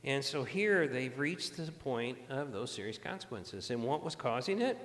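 In a large hall, a male pastor delivers a sermon in an earnest, conversational style, often starting his phrases over. He speaks at a normal speed with a medium-pitched, fairly bright voice, and he is very animated.

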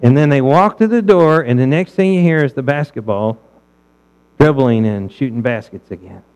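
A man's voice: mid-range voice, normal speed, a little mellow, clean tone, poor audio. A male pastor preaching a sermon in a conversational way, asking his listeners rhetorical questions.

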